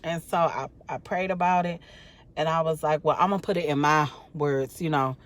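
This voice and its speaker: A woman's voice: deep voice, normal speed. A tired, sleepy woman, rambling casually to her viewers with lots of fillers. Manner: rambling, chatty, many fillers. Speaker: vlogger. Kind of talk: casual talk to camera.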